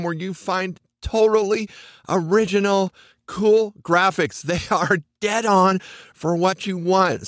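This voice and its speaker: A man's voice: high voice, no room sound. Upbeat guy talking solo on his podcast, laughs at his own slips, dead dry mic. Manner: upbeat, chatty, quick shout-outs; laughs at himself, self-correcting. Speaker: podcast host.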